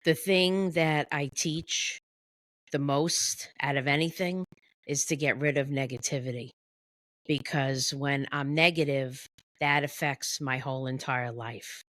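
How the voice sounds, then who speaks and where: A woman, an executive behavior coach, talking about her work in a podcast interview, halting often with pauses and fillers. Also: extremely low pitch, steady tone, a bit bright, no room sound.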